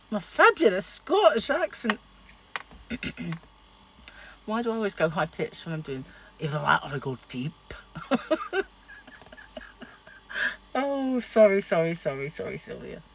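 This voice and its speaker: Woman, middle-aged, casual vlog chat, chatty storyteller, laughs a lot, very animated pitch. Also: measured pace, pauses often. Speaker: diet vlogger.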